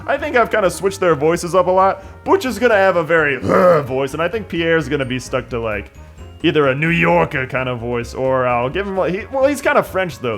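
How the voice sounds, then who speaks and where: A young man chats over gameplay with sarcastic jokes, his fairly high voice carrying a gravelly fry. Faint game music plays beneath his commentary. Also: expressive, a little fast, fairly bright tone. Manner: jokey, sarcastic asides. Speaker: let's play commentator.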